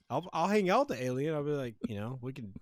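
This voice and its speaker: A man's voice: mid-range voice, very animated, a little fast, no room sound. A man co-hosting a podcast in casual chat, rambling and profane with frequent fillers, on a close mic. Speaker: podcast co-host.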